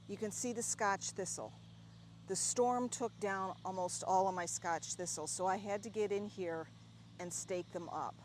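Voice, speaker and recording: A woman giving a casual, chatty tour of her home garden, talking warmly and excitedly about her plants as she walks. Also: fairly low pitch, a little hiss or hum. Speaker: gardening vlogger.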